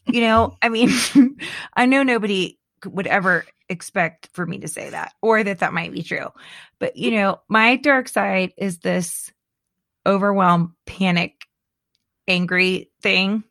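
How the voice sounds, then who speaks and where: A middle-aged woman talking in a casual chat as co-host, animated and chatty, laughing often and restarting her sentences. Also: medium pitch, unhurried, vocal fry, dry recording, clean studio sound. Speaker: podcast co-host.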